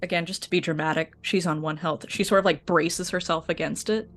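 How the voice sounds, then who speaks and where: Woman player with a slightly low voice. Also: fairly even intonation, a little fast, soft background music. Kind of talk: casual play at a tabletop game.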